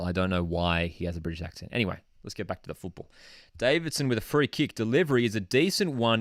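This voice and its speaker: Young Australian bloke hosting a live football watchalong, low voice that leaps around wildly, dry and close, easily excited. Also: male voice, fast talker, no echo. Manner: excitable, swings between shouting and muttering, says "dude" often. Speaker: football channel host. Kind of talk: live match watchalong commentary.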